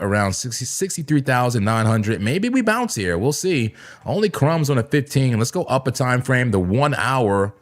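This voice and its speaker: Male stream host, hoarse cracking voice, animated pitch, chatty and excitable. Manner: excitable, laughs often, sudden shouts. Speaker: crypto trading livestream host. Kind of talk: casual live trading commentary.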